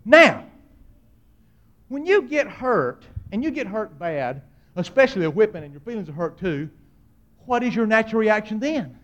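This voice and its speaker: A middle-aged man delivers a storytelling sermon full of humor. His voice sits high for a man, and he swings between loud, dramatic bursts and quiet, hushed asides. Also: sing-song, normal speed, pauses often. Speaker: preacher.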